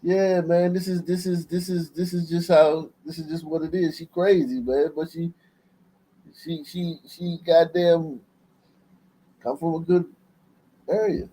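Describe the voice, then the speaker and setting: A man's voice: fairly high pitch, fairly even intonation, measured pace, mellow, rough recording. A man hosting a livestream, giving blunt, profane commentary and laughing often. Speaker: livestream host.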